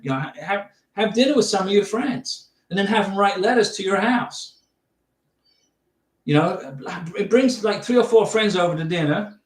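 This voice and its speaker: A middle-aged man hosting a livestream, casually giving visa advice and reading out viewer questions in a chatty, reassuring way. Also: a little high. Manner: chatty, repeats and restarts, reassuring. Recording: echoey room.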